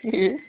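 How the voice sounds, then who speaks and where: A young woman teasing a friend in casual chat, asking loud questions. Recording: tinny lo-fi home video, faint hiss.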